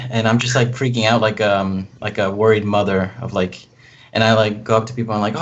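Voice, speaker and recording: A man's voice: on the low side, level tone, fairly quick. A man playing a tabletop game, rambling casually with lots of fillers. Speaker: player. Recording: muffled lo-fi voice chat.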